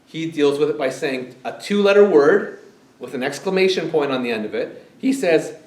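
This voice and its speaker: A man preaches conversationally in a church, regularly questioning the congregation. His slightly high voice is animated and darkish at a moderate pace, heard through a far-off mic amid the hall's echo.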